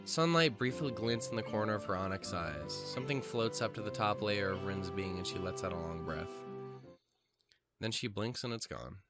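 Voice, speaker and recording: A man reading the narration of a visual novel aloud and rambling excitedly between passages as a let's-play host. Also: lowish voice, moderate pace, over loud music.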